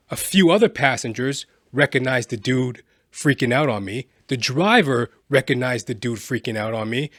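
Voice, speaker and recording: A man vlogging, telling a personal story in a casual, animated way and constantly checking in with the listener. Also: medium pitch, dry recording, clean studio sound. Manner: animated, keeps adding "right?".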